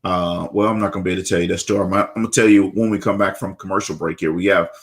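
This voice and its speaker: A man's voice: deep voice, fairly even intonation, rapid-fire. Upbeat male radio host. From Louisiana. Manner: upbeat, stammers and repeats words. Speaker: radio talk show host. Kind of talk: live radio talk show.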